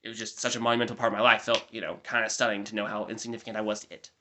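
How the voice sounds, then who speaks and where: A young American man in his twenties rattles through a casual diary-style update at a quick clip. His voice is bright and forward, and he wanders off into chatty, self-mocking asides. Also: fairly low pitch, little pitch movement, a little hiss or hum. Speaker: vlogger.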